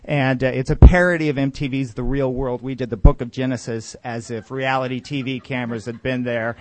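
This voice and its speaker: A man from Denver, a comedian contestant delivering an excitable, ranting comic monologue. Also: medium pitch, fairly quick, no room sound. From Denver, Colorado.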